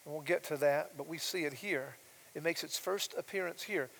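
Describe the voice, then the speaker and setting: Male pastor, high voice, shifts between loud emphatic lines and soft quiet asides; large reverberant sanctuary. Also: normal speed, creaky, slight background noise. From United States. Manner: swings from loud emphatic declarations to soft quiet asides, asks rhetorical questions. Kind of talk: sermon. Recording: long reverb of a large hall.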